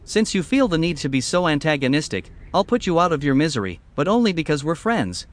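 A mischievous godlike trickster, put on by a man reading aloud, sneers and teases with theatrical flair. His voice sits higher than the narrator's own and swings widely in pitch. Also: a little fast. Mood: mocking. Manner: theatrical, mocking, lively. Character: smug mischievous male godlike trickster entity.

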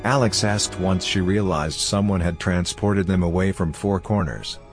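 A man reading a story aloud as narrator in a steady, even manner. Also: low voice, normal speed, faint music behind. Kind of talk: fan fiction audiobook reading.

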